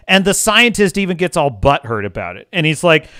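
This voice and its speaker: A man's voice: on the high side, big pitch swings, a little fast, few pauses, sharp tone, clean tone, no room sound, clean studio sound. A man hosting a livestream, reading chat aloud and ranting sarcastically with frequent swearing. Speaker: livestream host. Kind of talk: casual chat reading live chat.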